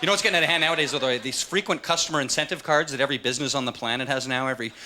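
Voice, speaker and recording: A man doing a stand-up comedy set on stage, acting out voices and shouts. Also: mid-range voice, rapid-fire, heavy background noise. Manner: animated, jumps into shouted voices for characters. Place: comedy club stage with audience laughter. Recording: live club recording, loud audience laughter.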